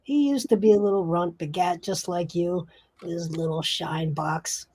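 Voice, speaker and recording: A woman voicing a loud, blustering male crook who exclaims and teases. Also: on the low side, a little slow, breathy edge. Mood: boisterous. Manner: boisterous, exclaiming.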